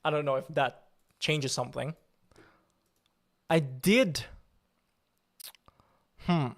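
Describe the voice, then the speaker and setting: A man's voice: on the high side, takes it slowly. A man hosting a livestream, talking casually, irritable at first, then joking as he answers viewer chat. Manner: irritable, then forces himself calm and joking. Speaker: livestream host.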